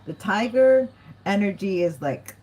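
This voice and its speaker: A woman's voice: mid-range voice, lively intonation, measured pace, darkish tone, poor audio. A woman giving a casual, chatty tarot reading to her viewers, often giggling and acting out what other people might say. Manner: chatty, giggly, acts out quoted voices. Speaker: tarot reader.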